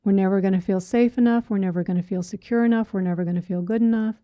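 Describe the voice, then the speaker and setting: A woman's voice: medium pitch, fairly even intonation, fast talker, mellow, dry recording. A middle-aged woman teaching meditation in a conversational way, often acting out inner thoughts in quotes and checking in with "right?". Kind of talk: dharma talk.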